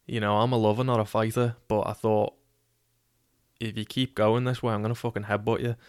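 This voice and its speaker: A man's voice: fairly low pitch, level tone, a little fast, clear, resonant tone, no room sound, clean studio sound. A young man with a Scouse accent telling a rambling, wry, swear-heavy anecdote. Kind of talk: casual storytelling.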